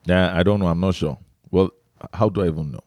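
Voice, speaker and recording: A man with a very deep voice hosts a casual podcast chat. He asks loose, rambling questions full of fillers. The sound is dry and close to the mic. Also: fairly even intonation, quick pace, darkish tone, no room sound. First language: Igbo. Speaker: podcast host.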